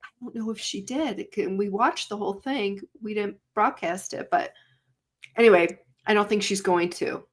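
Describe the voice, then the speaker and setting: A woman's voice: mid-range voice, normal speed. A woman co-hosting a live stream in casual chat, talking freely, laughing often and exclaiming. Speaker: co-host.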